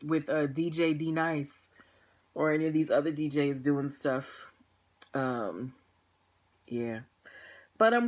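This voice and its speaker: A young woman hosting a livestream, chatting casually with viewers, tired and laughing often. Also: fairly low pitch. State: tired, yawning. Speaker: livestream host. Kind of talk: casual pre-show chat to viewers.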